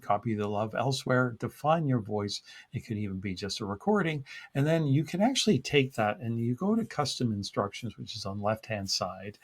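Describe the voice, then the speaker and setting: A man with a husky voice leads a live workshop. He talks through each step conversationally, pausing on fillers as he goes. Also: medium pitch. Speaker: workshop presenter.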